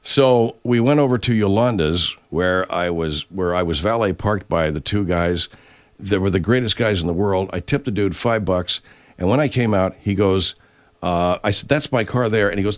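A man's voice: low-pitched, normal speed. Older male host, casual live chat from a home studio, rambling and profane, reads viewer messages aloud.

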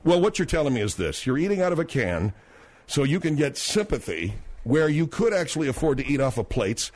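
Man, radio talk host, badgering, sarcastic, lively pitch, fairly high. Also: fairly quick.

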